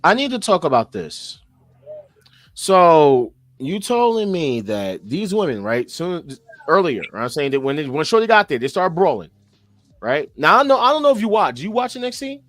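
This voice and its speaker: A man co-hosting a casual wrestling podcast, animated and swearing, pressing his co-hosts with questions. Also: on the high side, moderate pace, dry recording. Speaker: podcast co-host.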